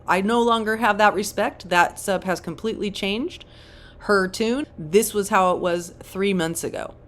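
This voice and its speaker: A woman hosting her channel, reading online comments aloud with dry, wry asides. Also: medium pitch. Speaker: channel host.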